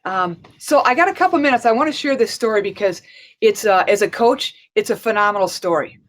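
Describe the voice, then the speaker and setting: A woman's voice: medium pitch, a little fast. A middle-aged woman, a life and leadership coach, gives a conversational conference talk and tells a story, acting out the dialogue as she goes. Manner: conversational and animated, acts out dialogue in stories.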